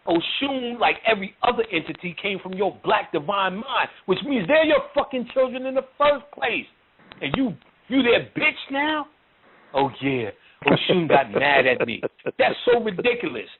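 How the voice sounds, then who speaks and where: A man giving a blunt, mocking spiritual lecture full of profanity and street slang. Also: sits high. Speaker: lecturer on occult and spiritual topics. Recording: tinny phone-like line with faint noise.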